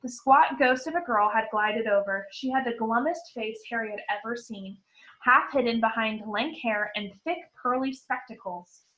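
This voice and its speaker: A woman teacher reading a storybook aloud to children, expressive and clear. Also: a little high, moderate pace, dull audio.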